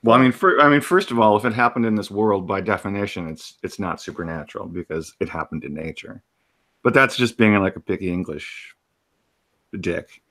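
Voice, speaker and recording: A man's voice: fairly low pitch, a little fast, fairly bright tone. A man in a casual livestream chat, dry and skeptical in how he talks.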